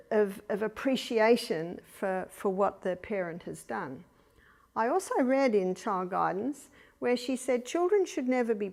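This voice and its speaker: A woman's voice: mid-range voice, vocal fry. Older Australian woman giving practical talk. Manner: anecdotal, chuckling, acts out quiet commands to babies. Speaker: speaker on child rearing. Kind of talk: lecture to an audience.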